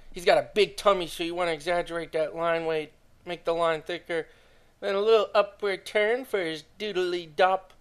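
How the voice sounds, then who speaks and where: In a clean, high-sitting voice, a young man chats enthusiastically through a drawing tutorial, addressing his audience directly in a casual manner.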